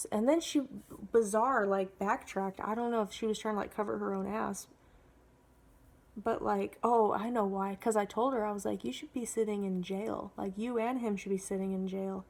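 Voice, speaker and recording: A woman's voice: medium pitch, creaky. A woman in her twenties telling a personal story to camera, blunt and candid, swearing freely and rambling with lots of fillers. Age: 20s. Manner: rambling, heavy use of filler "like". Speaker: vlogger.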